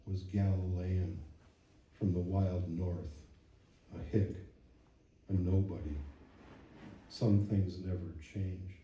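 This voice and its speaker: A man in his seventies with a low, warm voice reads his own poems at a public reading in a church hall, sounding wry and reflective. The hall is echoey and the mic is some distance away.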